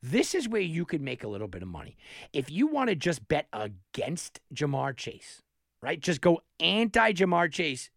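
A man hosting a sports betting talk, animated and thinking aloud, often restarting his sentences. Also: fairly high pitch, normal speed, vocal fry, no echo, clean studio sound. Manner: animated, talks himself through picks with restarts. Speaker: sports betting show host.

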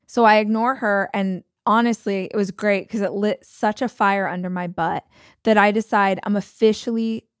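A woman hosting a podcast, telling a personal story in a candid, animated, conversational way. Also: mid-range voice, moderate pace, no echo, studio quality. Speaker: podcast host.

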